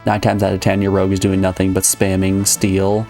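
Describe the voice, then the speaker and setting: A man's voice: deep voice, completely flat delivery, a little fast, darkish tone, faint music behind. A man streaming a game live, chatting casually and rambling to his viewers. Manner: rambling, chatty, addresses chat. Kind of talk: casual live gameplay chat.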